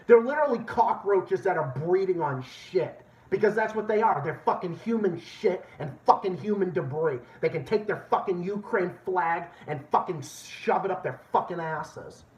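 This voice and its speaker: A man's voice: sits high, animated, normal speed, hardly any pauses, darkish tone, recorded from a distance. A man hosting a livestream, ranting angrily and swearing as he repeats his points. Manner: angry, swearing, repeats himself. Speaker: livestream host. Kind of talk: profane political rant. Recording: echoey room, dull lo-fi sound.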